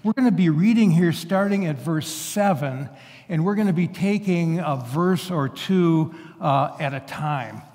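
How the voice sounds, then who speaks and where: A man's voice: on the high side, measured pace, a little mellow, in a large hall. A male pastor preaching an earnest, emphatic sermon, often restarting his words. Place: large church sanctuary.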